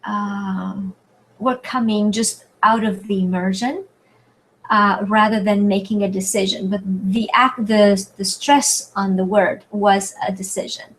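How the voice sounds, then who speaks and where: A woman's voice: mid-range voice, steady tone, measured pace, fairly bright tone, rough recording. Hesitant French-accented woman tutor. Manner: hesitant, searching for words with many fillers. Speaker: French tutor hosting a webinar. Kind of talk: live online Q&A lesson. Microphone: computer mic on a video call.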